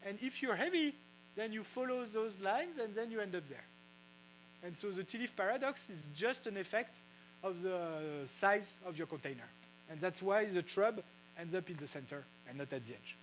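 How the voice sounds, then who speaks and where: A man with a French accent giving a casual science talk, halting with many fillers and restarts. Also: high voice, lively intonation, fairly bright tone, slight background noise, poor audio. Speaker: physicist explaining brewing science. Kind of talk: casual lecture. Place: brewery.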